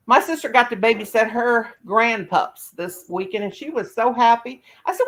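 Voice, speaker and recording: A woman's voice: fairly high pitch, expressive, normal speed, few pauses, a bit bright, low-quality recording. An older woman chatting casually as a host, laughing often and cooing baby talk to her dogs. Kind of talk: casual chat.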